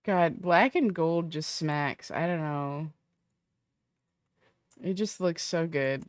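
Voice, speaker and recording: Slow low-voiced woman streamer, swearing. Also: no echo. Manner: rambling, profane, talking to herself. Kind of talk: casual chat to stream viewers while setting up a roleplay character.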